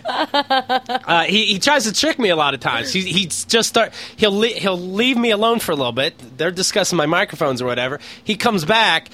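A man's voice: high-pitched, animated, moderate pace, pushed and bright. A man from Pennsylvania co-hosting a podcast, telling an exasperated, profane story in casual comedic chat. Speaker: podcast co-host.

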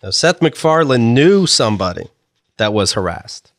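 Guy cohosting a chatty podcast, mid pitch, bouncy delivery, goes off on long stories. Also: big pitch swings, moderate pace, no room sound, clean studio sound. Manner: rambling storyteller, mimics voices. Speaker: co-host. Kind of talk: casual podcast banter.

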